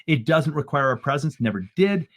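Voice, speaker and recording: A man from Canada, a podcast guest, telling a story in an animated way that rises into excited bursts. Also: on the high side, normal speed.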